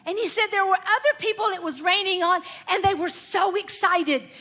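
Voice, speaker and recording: A woman preacher telling a story in a sermon, animated and with laughing asides. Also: very high-pitched, moderate pace.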